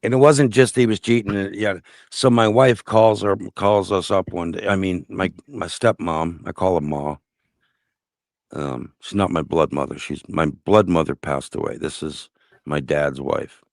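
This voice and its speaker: Gravelly low-voiced man, blunt and profane. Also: measured pace, dry recording, clean studio sound. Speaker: guest telling his life story. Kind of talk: casual conversation.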